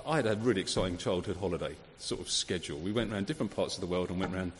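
A man preaching a sermon, conversational and lively, full of rhetorical questions. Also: low voice, very fast, a little hiss or hum. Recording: long hall reverb.

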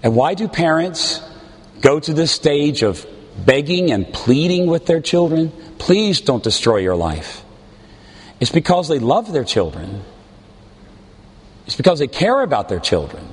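Slow, earnest preacher in a reverberant hall. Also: male voice, fairly high pitch, big pitch swings, slightly rough. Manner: slow, earnest pleading delivery with dramatic pauses. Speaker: pastor. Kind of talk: sermon.

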